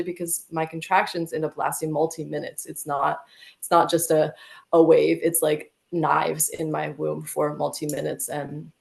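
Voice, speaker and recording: A woman's voice: low voice, vocal fry. An American woman telling a vivid, emotional personal story as a podcast guest, with many "like"s. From United States.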